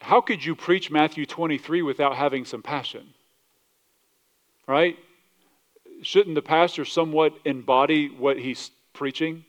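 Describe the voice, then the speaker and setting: A fairly high-voiced man preaches a passionate sermon as pastor. He swings from loud, forceful declarations to quiet, low asides, and he acts out quoted voices with a playful edge. He keeps turning to the congregation with direct questions. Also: measured pace, pauses often. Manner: asks the congregation questions, southern 'y'all'.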